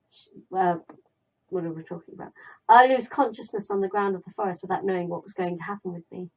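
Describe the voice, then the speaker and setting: A young woman playing a visual novel, reading its text aloud and breaking off into chatty, animated stories. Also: fairly low pitch, fast, slightly rough, low-quality recording. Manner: chatty, dramatic, animated storyteller. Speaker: gaming YouTuber.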